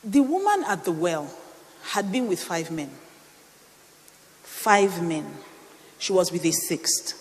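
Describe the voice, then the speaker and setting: A middle-aged woman pastor, preaching a sermon with animated storytelling and playful asides. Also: lowish voice, takes it slowly, pauses often, big-room sound. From Nigeria.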